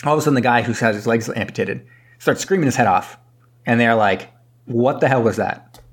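A man's voice: medium pitch, brisk, breathy edge. A man casually recapping a movie plot, rambling and acting out characters' lines with the odd swear. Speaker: podcast co-host.

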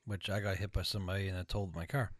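A man's voice: deep voice, steady tone, rapid-fire, no room sound, clean studio sound. A man telling stories in a casual chat, wry and sarcastic, often chuckling.

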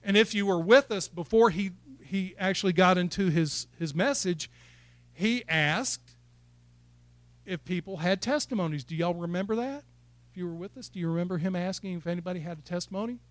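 Fired-up preacher, higher voice. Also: male voice, a little fast, no echo. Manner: rising to fired-up exhortation, asks the congregation questions. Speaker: pastor. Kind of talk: sermon. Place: church.

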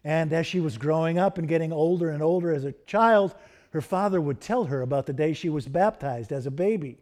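A man preaching a sermon in a church, telling stories and slowing down to stress key phrases. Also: a little high, a little mellow. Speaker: pastor.

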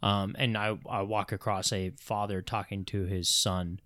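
A man casually chatting about video games as a podcast co-host, opinionated and measured. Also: lowish voice, level tone, fairly bright tone, dry recording, clean studio sound.

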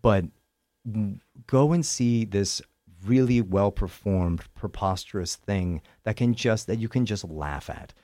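A man with a Canadian accent, a stage actor chatting in an interview with animated, self-deprecating humor. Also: on the low side, a little slow, dry recording, studio quality. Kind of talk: interview chat.

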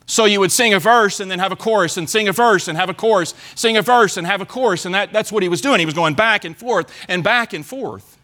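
Bright-voiced preacher man. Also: high voice, a little fast. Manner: earnest preaching, acts out the psalmist's pleas. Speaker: pastor. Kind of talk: sermon. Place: church.

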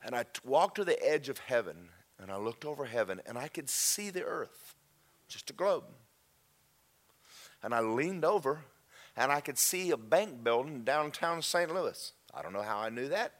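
Man preaching with sweeping pitch swings. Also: animated, normal speed. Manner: emotional testimony, dropping to near-whispers then rising loud. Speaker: pastor. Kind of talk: sermon.

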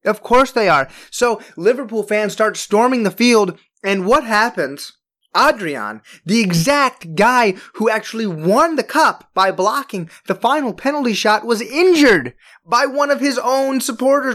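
A podcast host delivering an opinionated sports monologue in an emphatic, ranting way, with loud, high jumps on stressed words. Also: animated, a little slow.

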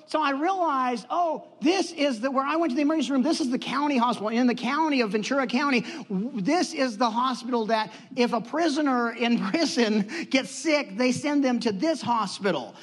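A man with a high voice tells a story from the pulpit, animated and quick to act out what others said. His words ring with a long reverb in a large hall. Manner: animated storytelling, acts out quotes. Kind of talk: sermon with personal story.

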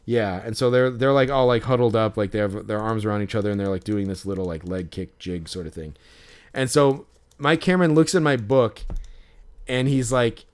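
A man's voice: lowish voice, moderate pace, smooth. A man hosting a podcast, telling a story in a rambling way, with many fillers and restarts. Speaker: podcast host. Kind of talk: casual podcast chat.

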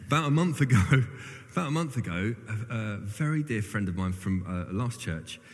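A man leads an informal sermon, chatting to the congregation in a lowish voice and gently poking fun at himself. His words ring out with a long reverb through a large church hall. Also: lively intonation, moderate pace. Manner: chatty, self-deprecating storyteller. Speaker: church clergyman.

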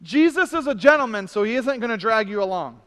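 Male pastor, high and clear voice, sermon delivery with punchy emphasis and soft asides, long church reverb. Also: lively intonation, fairly quick. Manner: swings between emphatic preaching and hushed, intimate asides; humorous self-deprecating asides.

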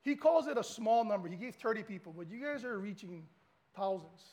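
A man's voice: high voice, animated, a little fast, darkish tone. A middle-aged man from Hawaii with a Hawaiian accent, a guest pastor giving a casual, chatty sermon to the congregation.

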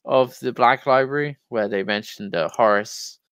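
Casual smooth-voiced man chatting. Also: medium pitch, normal speed, a bit bright, no room sound. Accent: New Jersey. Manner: loose and casual, says "yo" and "like", restarts. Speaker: podcast co-host. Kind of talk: casual chat.

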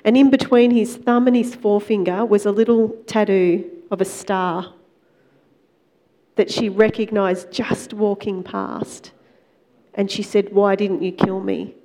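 A woman giving a Christian testimony, retelling a story in a conversational way, with lively quoted dialogue. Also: mid-range voice, unhurried. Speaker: Christian speaker.

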